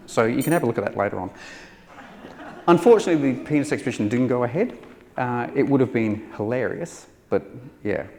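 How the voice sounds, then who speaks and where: A man's voice: mid-range voice, a little mellow. A man giving a public talk as a taxidermist, telling a wry, self-deprecating story. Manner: wry, self-deprecating, acts out quoted voices. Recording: hall reverb with faint ambience.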